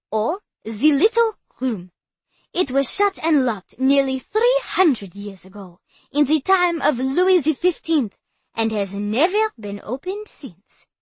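A woman voicing a brisk French woman tour guide, with a French accent, announcing formally to a group. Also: sits high, no room sound, pitched above the performer's own voice. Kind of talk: audiobook character voice.

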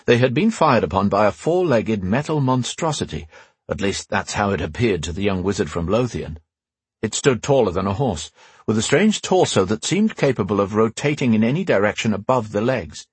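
A man with a low, strongly husky voice narrates a fantasy audiobook. His reading is measured, with lively pitch. He sits close to a mic in a dry booth. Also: no echo. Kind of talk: scripted narration.

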